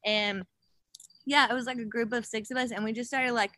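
A woman chatting casually as a podcast guest, an animated storyteller who acts out quotes, with many fillers. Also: a little high, brisk. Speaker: guest, gravel bike racer.

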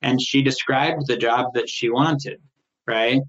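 Middle-aged man, firm manager, recounts anecdotes animatedly with mid pitch; slightly dull recording. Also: slow. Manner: animated, rises in pitch when quoting others, frequent restarts. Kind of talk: conversational storytelling interview. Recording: slightly muffled, lo-fi sound.

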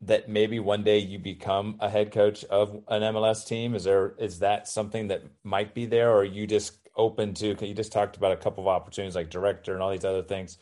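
A man's voice: fairly low pitch, flat delivery, a little fast, few pauses, mellow. A man interviewing a coach, asking long, multi-part questions. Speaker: podcast interviewer.

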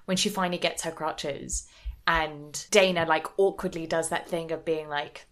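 A woman's voice: deep voice, steady tone, moderate pace. Gossipy woman podcast co-host. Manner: gossipy, says "like" often. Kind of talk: casual chat.

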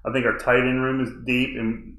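A man's voice: medium pitch, little pitch movement, normal speed, a bit bright. Man, casual sports chat, blunt and profane, roomy reverb. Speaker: sports podcast co-host.

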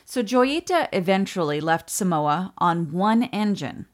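A woman co-hosting a podcast, telling a history story in a relaxed way with quick asides. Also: on the low side. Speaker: podcast co-host. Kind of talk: storytelling chat.

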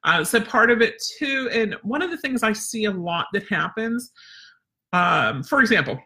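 A woman's voice: medium pitch, expressive, normal speed, sharp tone. A woman dog trainer teaching a casual live webinar, chatty and rambling with lots of fillers.

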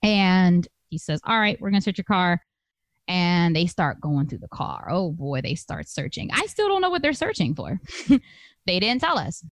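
A woman's voice: lowish voice, sing-song, a little slow, no room sound. A woman telling a personal story to an audience, conversational and emphatic, acting out the voices of the people she quotes. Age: adult with a master's degree.

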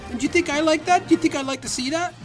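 A man's voice: extremely high pitch, very fast, over music, voice pushed up. A man improvising a dead Scottish narrator's ghost in a comedy podcast bit, folksy and rambling with a Scottish accent that thickens as the figure drinks whiskey and turns foul-mouthed. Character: dead, boozy old Scottish male narrator ghost, folksy turning mean.

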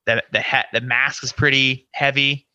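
A man's voice: mid-range voice, little pitch movement, moderate pace, pushed and bright, dry recording, dull audio. A man guesting on a podcast, telling a story casually with lots of "you know" and acted-out inner quotes. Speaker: podcast guest, scare actor.

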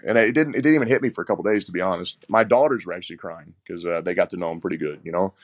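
A man who is a head wrestling coach, telling rambling, animated stories in a casual interview and often repeating his words. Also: low voice, very fast, dry recording, clean studio sound.

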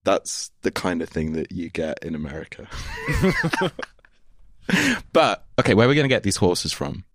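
A young male host with a deep, low voice keeps the chat loose, laughing often and dropping casual swears. His voice sits close and dry, with no room around it. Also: wildly swooping pitch, a little slow, no room sound. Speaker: podcast host, touring musician. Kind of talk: casual podcast conversation.

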